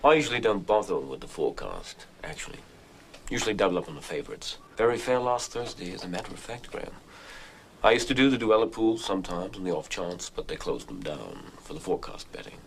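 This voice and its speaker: A dry, unimpressed man who answers with flat, offhand remarks. His voice is low and gravelly but moves around a lot in pitch. A faint hiss sits behind him. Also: a little fast, full character voice. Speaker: actor in a film drama.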